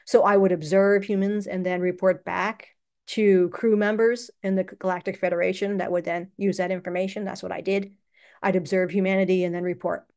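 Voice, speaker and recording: A woman's voice: on the low side, little pitch movement, brisk, a little mellow. A woman hosting her own channel, talking in a casual, rambling personal monologue and laughing often. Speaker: channel host.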